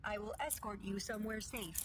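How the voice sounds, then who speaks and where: A woman's voice: medium pitch, steady tone, brisk, background noise, lightly acted. A woman voicing a formal, loyal female android security guard in a video game, speaking in a precise, composed way. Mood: composed, dutiful.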